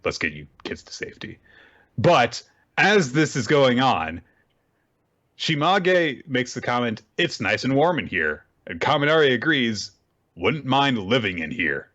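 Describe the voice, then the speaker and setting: This medium-pitched man speaks a little slowly, and his recording has the highs cut off. Co-hosting a casual podcast chat recapping manga, he animatedly retells scenes and acts out the quoted lines.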